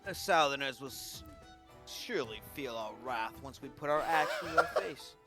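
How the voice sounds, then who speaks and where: Brief: man from Canada, theatrical warlike game banter, medium pitch, music clearly behind. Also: moderate pace. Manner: theatrical, bloodthirsty chief banter. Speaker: player. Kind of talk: playful in-character role-play in a game.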